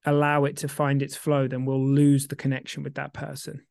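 Gravelly man, chatty podcast host. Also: medium pitch, normal speed, no echo, studio quality. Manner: rambling, restarts often, gets excitable. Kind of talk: casual podcast chat.

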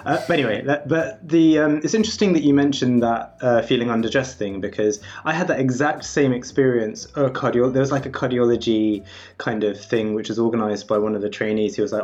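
Young man, fast casual chatter, self-deprecating, muffled recording. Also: mid-range voice, a little mellow. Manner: rambling, self-mocking, lots of fillers. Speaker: podcast co-host, junior doctor. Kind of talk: casual chat.

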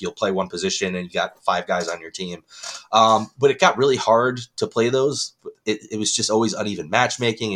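A man co-hosting a podcast, telling a long embarrassing story with lots of swearing, his voice jumping up when he gets excited. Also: lowish voice. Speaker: podcast co-host. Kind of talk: casual chat.

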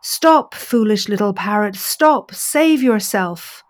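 A woman's voice: mid-range voice, a little slow, close to an everyday voice. A woman doing a solemn, majestic eagle god.

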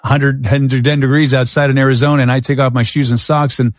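A man hosting a podcast, telling stories in a casual, animated way and acting out his own thoughts. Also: medium pitch, a little fast, no echo, clean studio sound. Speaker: podcast host. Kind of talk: storytelling in a casual interview. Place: Arizona.

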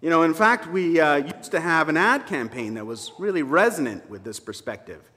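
A man preaches to his congregation in a conversational sermon, tossing in wry asides. His voice sits high and moves all over the place. The sound carries a long hall reverb, as in a large sanctuary. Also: lively intonation, normal speed, pushed and bright. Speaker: minister.

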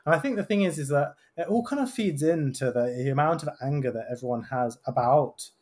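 A man's voice: on the high side, a little fast, darkish tone. A man, a doctor hosting a casual podcast chat, rambling with lots of "kind of" and tag questions.

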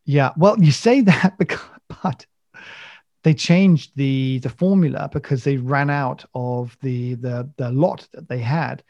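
A man hosts a casual chat, rambling from one story to the next with jokey enthusiasm. His voice has a gravelly edge. The sound is dry and slightly muffled. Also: mid-range voice, measured pace, a little mellow, dry recording. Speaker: podcast host.

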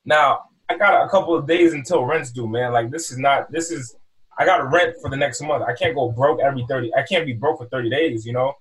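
A man's voice: medium pitch, distant mic, rough recording. A man telling a story about selling phones at a mall kiosk, casually, acting out his talks with customers. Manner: animated, acts out customer exchanges, repeats words.

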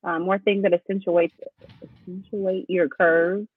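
A woman co-hosting a casual podcast, frank and relaxed with a lot of giggling. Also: fairly low pitch, unhurried, breathy edge, dry recording, phone-quality sound. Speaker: podcast co-host. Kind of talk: casual chat.

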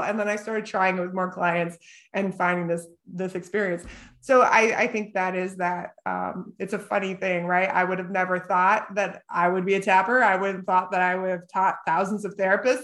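A woman's voice: mid-range voice, fairly quick. A middle-aged woman therapist who co-hosts a group Q&A, chatting and telling stories with frequent laughter. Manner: chatty, animated storyteller, laughs often. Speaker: podcast co-host and business coach for therapists. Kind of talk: casual group Q&A chat.

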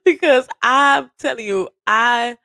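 A woman podcast host telling a personal story in a casual way, animated and often laughing. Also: gravelly, no echo. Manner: animated, quick swings into high quoted voices; frequent laughs.

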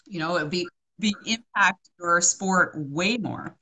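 A woman interviewing a guest, asking her questions in a relaxed, casual way with some fillers. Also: fairly low pitch, slow pace.

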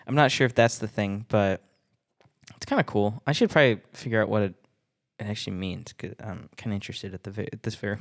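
A man hosting a casual solo podcast, rambling and self-deprecating, laughing often between thoughts. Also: mid-range voice. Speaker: podcast host.

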